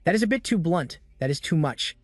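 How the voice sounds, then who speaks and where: A man's voice: a little high, lively intonation, fairly quick, no room sound, clean studio sound, soft background music. A man voicing a group of indignant, self-serving male nobles.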